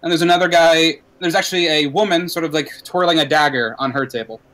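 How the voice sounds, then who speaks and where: Male game master, slightly high voice, loose rambling scene narration. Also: fast talker, fairly bright tone. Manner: loose, rambling descriptions with restarts.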